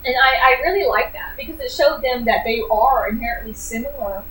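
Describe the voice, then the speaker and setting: A woman giving a casual book review, animated and sarcastic, with lots of filler words. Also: fairly high pitch, brisk. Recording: echoey room, distant mic, faint noise.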